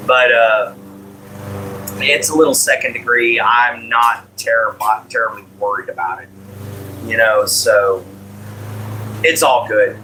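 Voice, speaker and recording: A man's voice: mid-range voice, steady tone, measured pace, pauses often, pushed and bright, slight background noise, low-quality recording. A man hosting a casual home live stream, drawling and easygoing as he answers chat by name. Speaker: livestream host. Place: at home, moving to back porch.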